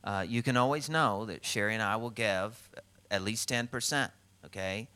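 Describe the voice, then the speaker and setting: A middle-aged man preaching a sermon as pastor, telling stories and acting out quotes with lively swings in voice. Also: on the low side, normal speed, smooth. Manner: storytelling with animated acted-out quotes.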